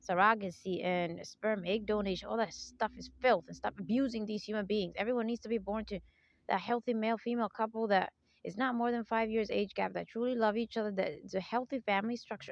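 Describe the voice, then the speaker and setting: A woman's voice: mid-range voice, creaky, dry recording. A woman vlogger talking outdoors in a casual monologue, emphatic and rambling, often checking in with her listeners. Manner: emphatic, rambling, keeps checking in with "right?" and "okay?"; forceful, insistent tone. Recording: dull lo-fi recording.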